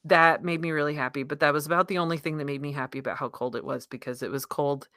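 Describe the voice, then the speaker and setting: Low-voiced chatty woman in her thirties. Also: steady tone, fast talker, fairly bright tone, dry recording, clean studio sound. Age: 30s. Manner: chatty storyteller, laughs often. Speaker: podcast co-host. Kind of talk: casual chat.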